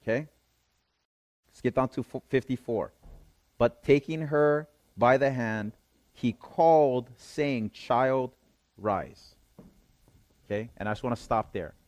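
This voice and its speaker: A man's voice: mid-range voice, a little slow, a little mellow, no room sound. A man preaching a sermon, reading scripture aloud and explaining it, often checking in with his listeners. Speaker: pastor.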